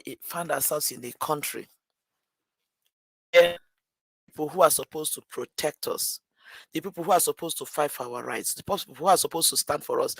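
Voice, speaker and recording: A woman's voice: low voice, fairly bright tone, no echo. A woman caller giving a heartfelt, emotional speech on a live call-in, building and falling back with repetition.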